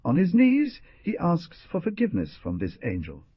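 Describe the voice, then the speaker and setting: A man voicing a brooding, stern young frontiersman who gives orders, with a husky voice. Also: high-pitched, huge pitch swings, moderate pace, no room sound, highs cut off, voice pushed up, heavily acted. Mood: commanding. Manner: commanding, stern.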